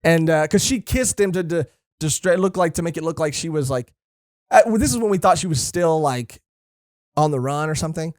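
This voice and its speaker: A man's voice: on the high side, a little fast, a little mellow, no room sound, studio quality. A man co-hosting a podcast in a casual chat, enthusiastic and swearing freely. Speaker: podcast co-host. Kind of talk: casual chat about a comic series.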